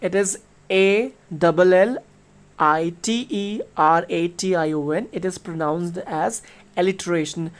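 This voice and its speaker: A woman's voice: on the low side, a little slow. A middle-aged woman teacher explains a poem to her class. She talks patiently, uses many fillers and spells words out letter by letter. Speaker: school teacher.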